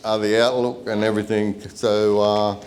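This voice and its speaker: A man's voice: fairly low pitch, little pitch movement, normal speed, a crowd in the background. A middle-aged Australian man, the groom's father, giving a chatty, self-deprecating wedding speech at a reception.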